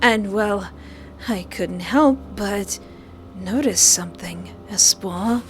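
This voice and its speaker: A woman's voice: medium pitch, soft background music, lightly acted. Woman voicing a soothing, creepy young captor. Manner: soothing, slow and coaxing. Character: soft-spoken creepy young man, a possessive captor. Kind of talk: visual novel character voicing.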